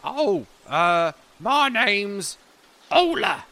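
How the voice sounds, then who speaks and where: A man voicing a very old, half-blind male gnome collector who mishears everything and talks in a high, cheeky squeak. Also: very animated, very slow, bright, forceful tone, dry recording, heavily acted. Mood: squeaky, cheeky.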